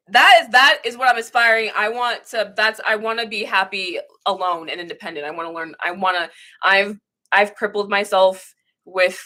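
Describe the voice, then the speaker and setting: Bright-voiced, blunt young woman streamer. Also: fairly low pitch. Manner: blunt, swears freely, trails off and restarts. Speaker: livestreamer. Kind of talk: casual livestream chat reading comments.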